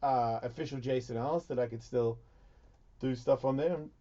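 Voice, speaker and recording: A man's voice: medium pitch, steady tone, moderate pace, lo-fi sound. A man hosting a radio talk show, rambling and swearing through crude banter. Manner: profane, rambling, loud bursts of laughter.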